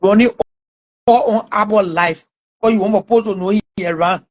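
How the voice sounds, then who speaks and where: A woman's voice: mid-range voice, moderate pace, lo-fi sound. A woman with a Liberian English accent, ranting and scolding someone online with mocking laughs. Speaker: online commentator. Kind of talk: taunting live rant.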